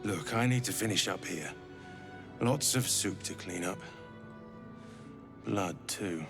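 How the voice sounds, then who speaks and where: A man's voice: low voice, lively intonation, slow pace, full character voice. An actor playing a weary, grumbling male temple cook in a fantasy video game, with a dry, matter-of-fact delivery. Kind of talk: game voice acting. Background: game music.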